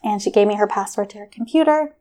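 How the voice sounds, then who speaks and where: A middle-aged woman telling a personal story in conversation, animated and acting out the voices of others, often laughing. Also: medium pitch, fast. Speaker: guest.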